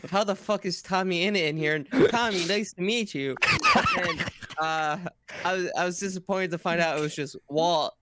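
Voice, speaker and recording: A man chatting casually as a podcast guest, teasing and excitable, swearing freely. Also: on the high side, a little fast, very noisy. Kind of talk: casual chat.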